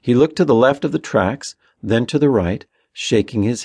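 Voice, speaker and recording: Male audiobook narrator, gravelly, expressive lilt, dry close recording. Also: medium pitch, no room sound. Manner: steady, measured storytelling. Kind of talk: scripted narration.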